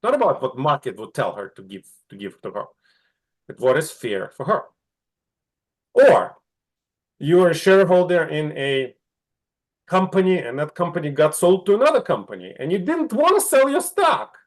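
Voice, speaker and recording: A man's voice: on the high side, big pitch swings, moderate pace. A middle-aged man teaching an online class, asking the students questions and often checking in with "right?". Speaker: instructor.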